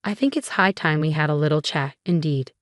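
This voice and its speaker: A woman voicing a scheming, condescending older mother-in-law with a saccharine, disdainful manner, in a low, dry read. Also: brisk, no room sound, close to an everyday voice. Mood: sugary menacing.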